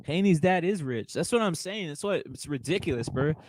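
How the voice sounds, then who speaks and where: A man's voice: fairly high pitch, lively intonation, a little fast, a little mellow, no echo, rough recording. A man hosting a boxing show, ranting casually with a lot of swearing and repetition. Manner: profane, heated, repetitive, keeps saying "brother". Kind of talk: casual livestream rant.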